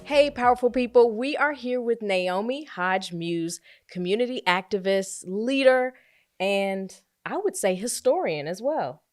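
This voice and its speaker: A woman's voice: medium pitch, expressive, unhurried. A woman hosting a community interview show, upbeat and enthusiastic as she introduces her guest. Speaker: interview host. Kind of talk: casual interview.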